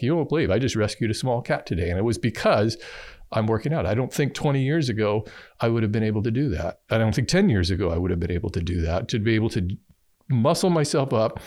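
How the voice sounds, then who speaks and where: A middle-aged man telling a funny story at an easygoing pace. He sounds animated and often jumps into a high voice to act out what he or others said. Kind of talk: casual storytelling.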